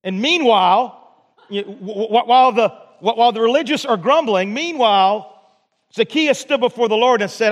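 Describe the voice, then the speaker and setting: A man's voice: sits high, lively intonation, moderate pace. A man preaching a sermon as pastor in a church, earnest, often restarting his phrases and asking "right?". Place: church sanctuary. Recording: long hall reverb of a church.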